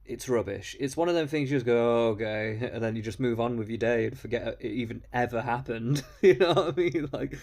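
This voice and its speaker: A man's voice: medium pitch, fairly quick, few pauses, a little mellow. A man giving blunt, mocking, profane commentary on video clips. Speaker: commentary host.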